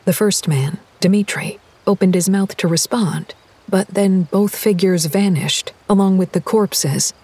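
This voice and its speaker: A woman reading a horror audiobook in a measured, deliberate storytelling voice. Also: medium pitch, warm tone, husky. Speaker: narrator. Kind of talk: scripted horror audiobook narration.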